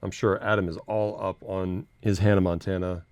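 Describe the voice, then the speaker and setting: A man's voice: sits low, little pitch movement, normal speed, a little mellow, clean tone, no room sound. A man hosting a casual chat show, running through the news with a chatty, laughing manner. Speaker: radio show host.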